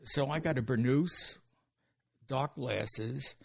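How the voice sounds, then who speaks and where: Older Brooklyn-born comic, gravelly and husky, dry close sound, rambling storyteller. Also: male voice, mid-range voice, slow pace, no echo. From Brooklyn, New York. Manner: animated anecdote-telling, frequent restarts. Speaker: comedian guest. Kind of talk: podcast storytelling.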